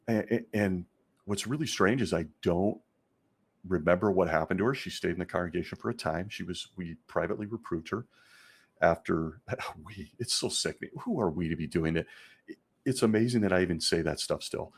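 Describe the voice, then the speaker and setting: Husky-voiced middle-aged man telling a story. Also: deep voice, moderate pace. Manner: earnest, candid, talks straight to listeners as "folks". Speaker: former congregation elder, show host. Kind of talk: personal storytelling monologue.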